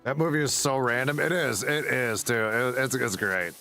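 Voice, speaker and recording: A man's voice: mid-range voice, moderate pace, pushed and bright, soft background music. A man chatting casually while playing a game, rambling and swearing freely. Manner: rambling, profane, laughs at his own stories. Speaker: gaming streamer. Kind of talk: casual gameplay commentary.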